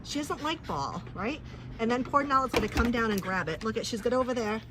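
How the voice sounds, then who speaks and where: A woman with a fairly high, animated voice talks a little fast on a handheld-phone live stream by a pool. She rambles casually and teases her dogs while they bark amid the background noise.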